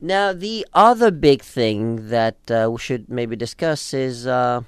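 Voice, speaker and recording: A man's voice: mid-range voice, slow, clean tone, dry recording, studio quality. A man co-hosting a casual talk show, animatedly discussing a TV episode and acting out quoted lines. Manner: animated, acts out quoted lines in different voices. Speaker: podcast co-host discussing a TV episode. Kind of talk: casual chat.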